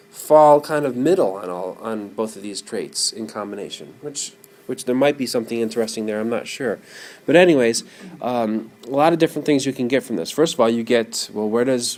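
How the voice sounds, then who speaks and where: A man's voice: medium pitch, a little mellow. Man lecturing a class, asking questions.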